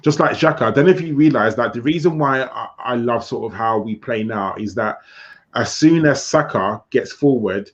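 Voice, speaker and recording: A man's voice: mid-range voice, normal speed. Earnest man on a dull lo-fi line. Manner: earnest and emphatic, with repetition. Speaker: podcast co-host. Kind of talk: casual football discussion. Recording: dull lo-fi sound.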